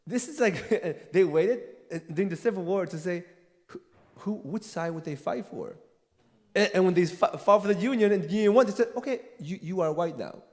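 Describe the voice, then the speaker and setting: A man answering an audience question at a church forum, animated, laughing often and tagging points with "right?". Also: high-pitched, normal speed, big-room sound. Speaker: guest speaker, theologian.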